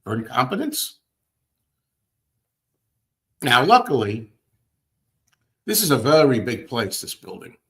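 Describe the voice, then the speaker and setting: A male host tells everyday stories in a chatty, ranting way, his voice rising high when he acts out what he said. His pitch sits in the ordinary middle range for a man, and he talks to listeners directly. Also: a little slow, long pauses. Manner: ranting, animated storytelling. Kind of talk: casual chat.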